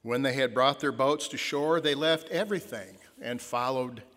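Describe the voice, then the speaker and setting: A man preaching a sermon as pastor, telling stories and slowing down to stress key lines. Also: medium pitch, a bit bright. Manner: storytelling, slows for emphasis. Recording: long church reverb.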